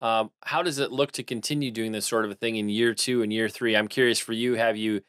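Male podcast host, quick and polished, dry close sound. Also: lowish voice, fairly even intonation, a bit bright, clear, resonant tone, dry recording. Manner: polished, scripted host wrap-up. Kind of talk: podcast interview.

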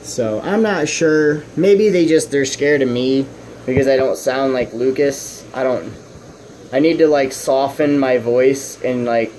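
A young man from the Southern US with a Texan accent, giving a rambling, halting update about his fish at home and often restarting his sentences. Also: mid-range voice, a little mellow, a little hiss or hum, poor audio. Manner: coos at his fish in a raised voice. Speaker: fish-keeping vlogger.

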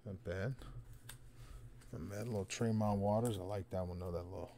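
A man hosting a card break, casually calling out players with slangy, excited remarks and muttered asides. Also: sits low, moderate pace, slight background noise. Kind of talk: casual card-opening commentary.

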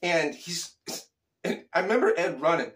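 Middle-aged man, casual storyteller, fairly high and very lively pitch, animated, slangy, chuckling. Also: normal speed.

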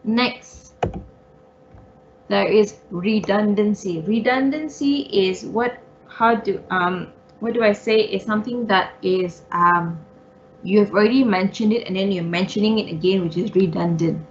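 A woman's voice: medium pitch, measured pace, lo-fi sound, a little hiss or hum. A woman teacher giving an online English writing revision lesson, explaining each point patiently and step by step with many okays and all rights. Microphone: online class audio.

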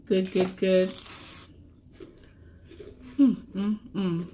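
Slow-talking woman praising her food. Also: medium pitch, a little hiss or hum. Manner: relaxed, drawn-out praise of the food. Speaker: mukbang co-host. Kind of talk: casual chat while eating.

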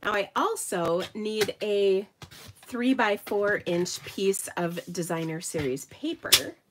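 A woman's voice: mid-range voice, slow, noisy background. A middle-aged woman hosting a live card-making tutorial, chatty and self-deprecating as she thinks aloud while she works, her voice slightly nasal. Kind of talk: live crafting demonstration.

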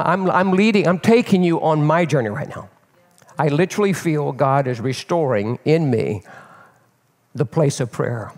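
An older man preaching as a pastor and telling a personal story in an animated, candid way, often repeating words as he builds. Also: fairly high pitch. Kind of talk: storytelling sermon. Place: church sanctuary. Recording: long reverb of a church hall.

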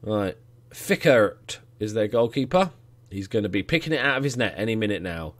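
Man, casual game commentary, excitable and sweary, very animated pitch. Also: moderate pace. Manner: excitable, swears, shouts at goals. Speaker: let's play gamer.

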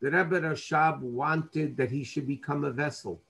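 A man's voice: on the high side, fairly even intonation, a little slow, creaky, fairly bright tone, slightly rough, rough recording. A man, a rabbi, teaching a Torah class through earnest storytelling, dropping in Hebrew and Yiddish terms.

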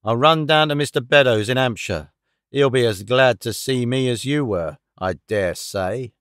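A man voicing a surly, half-drunk male servant who speaks in a slow, thick, sulky drawl. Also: medium pitch, a bit bright, smooth, no room sound, studio quality, close to an everyday voice. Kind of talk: audiobook character reading.

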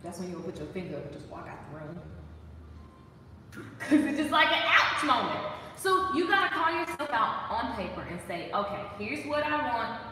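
A woman giving a casual, animated devotional talk, playful and preachy and full of laughs. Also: on the high side, moderate pace, heavy reverb, in a large hall, far from the mic, slight background noise, low-quality recording. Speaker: faith talk host.

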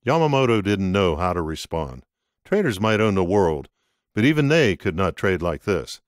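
Low-voiced, lively male audiobook narrator. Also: moderate pace, no echo, studio quality. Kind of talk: scripted narration.

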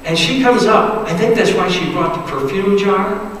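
A man preaching a sermon as pastor, retelling a story with dramatic swings between loud emphasis and hushed, quiet passages. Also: high-pitched, normal speed, a little hiss or hum. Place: church sanctuary. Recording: echoey church hall, distant mic.

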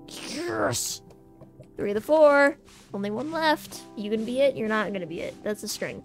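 A woman's voice: on the high side, lively intonation, moderate pace, gravelly. A woman hosting a gaming channel, giving casual commentary as she plays and chatting playfully to the game. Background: faint game music.

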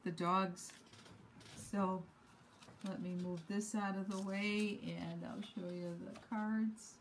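Slow, low-voiced woman showing crafts. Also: slight background noise, low-quality recording. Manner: unhurried, self-deprecating, many ums and uhs. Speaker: card-making hobby vlogger. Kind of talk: casual show-and-tell craft demo.

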